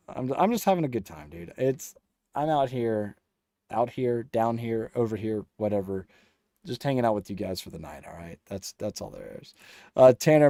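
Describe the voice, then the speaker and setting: A man's voice: mid-range voice, mellow, smooth, no echo, studio quality. A young man hosting a casual livestream, reading chat aloud and teasing viewers with a laugh.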